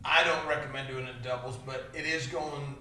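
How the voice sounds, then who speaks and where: A man hosting a podcast, telling lively anecdotes in a casual chat with many fillers. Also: medium pitch, a little fast, slight background noise. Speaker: podcast host. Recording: echoey room, far from mic.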